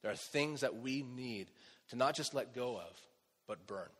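A man's voice: medium pitch, lively intonation, measured pace, a bit bright, husky, long reverb tail. A man preaching a sermon as pastor, in a conversational way, often asking rhetorical questions and checking in with "okay?" and "right?". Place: church.

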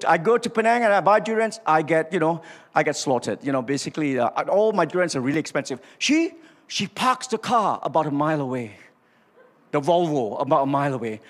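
An older man with a Malaysian English accent preaching a sermon, acting out dialogue and calling on the congregation to respond. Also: high voice. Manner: animated storytelling, acts out dialogue, asks congregation to respond. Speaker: pastor. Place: large church auditorium. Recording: reverberant church hall.

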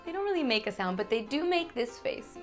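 A woman teaching toddlers simple words, slow and sing-song, with playful sounds. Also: fairly high pitch, big pitch swings, soft background music. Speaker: children's Spanish teacher.

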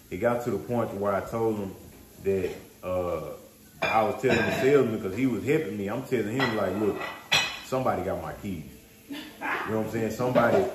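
A man's voice: fairly low pitch, echoey room, heavy background noise. A man hosting a vlog, telling a story casually and animatedly in slangy speech. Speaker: vlog host.

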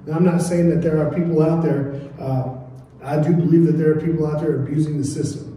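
A man's voice: on the high side, fairly even intonation, brisk, mellow, slight background noise. A man preaching a sermon as pastor, earnest and calling on his congregation to respond. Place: church sanctuary. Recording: echoey church from far off.

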